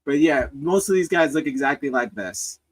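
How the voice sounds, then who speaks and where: A podcast host with a slightly high voice riffs loosely on his comedy show, laughing and swearing along the way. He sounds animated and speaks at a normal speed. The recording quality is low, and the talk is casual comedic commentary.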